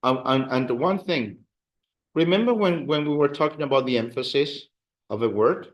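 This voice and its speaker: A man teaching a class, explaining verb endings patiently and drilling students in a classroom. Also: medium pitch. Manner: slow, patient, drills students with call-and-response. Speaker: Spanish teacher. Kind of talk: classroom lesson.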